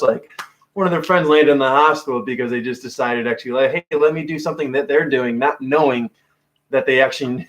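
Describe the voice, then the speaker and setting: A man co-hosting a casual podcast chat, telling rambling stories full of swearing and fillers. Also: medium pitch. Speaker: podcast co-host.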